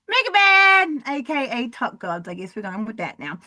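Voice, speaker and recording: A woman hosting a solo wrestling review podcast, excitable and profane, swinging from loud bursts to low mutters, her voice going hoarse. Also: moderate pace, few pauses, no room sound. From Southern Hemisphere. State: losing her voice. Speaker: podcast host.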